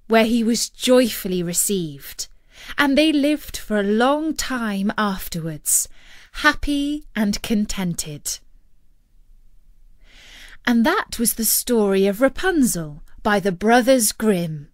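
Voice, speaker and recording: A woman narrating a fairy tale audiobook in an expressive, measured way. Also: mid-range voice, no room sound. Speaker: storyteller.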